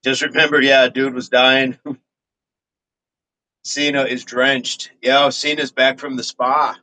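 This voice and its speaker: A man's voice: mid-range voice, flat delivery, slow, bright, forceful tone, poor audio. A man hosting a fitness livestream in casual chat, reading viewer comments in a laid-back, rambling way and chuckling often. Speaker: fitness channel host.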